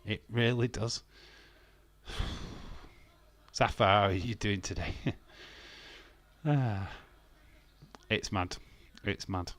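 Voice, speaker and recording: A man hosting a wrestling watch-along stream, ranting bluntly in casual talk, swearing freely and laughing often. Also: medium pitch.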